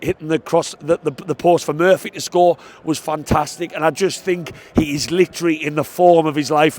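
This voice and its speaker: A man giving an excitable post-match football fan reaction outside the stadium, stressing his points. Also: a little high. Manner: excitable, emphatic, repeats "I tell you what".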